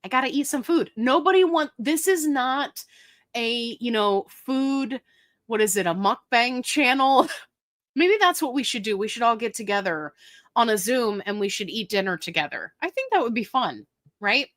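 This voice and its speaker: A woman's voice: a little high, animated, normal speed, a bit bright, dry recording. Casting: woman, livestream host, chatty and laughing, dry close sound. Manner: chatty, laughs often, talks straight to viewers. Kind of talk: casual live chat answering viewer questions.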